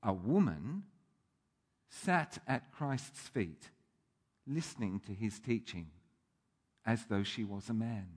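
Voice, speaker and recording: A man's voice: fairly low pitch, animated, slow, long pauses, darkish tone. A man preaching a sermon, thoughtful and emphatic, building up stress on key phrases with some restarts. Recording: long hall reverb.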